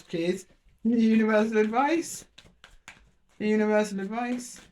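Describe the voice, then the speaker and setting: A woman's voice: on the high side, moderate pace, a little mellow. A woman giving an intuitive tarot reading, chatty and musing aloud as she speaks fondly to her listeners. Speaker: tarot reader.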